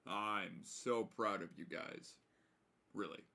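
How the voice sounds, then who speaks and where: Livestream co-host, man, low-pitched, dry and deadpan. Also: slow pace, creaky. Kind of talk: casual livestream chat.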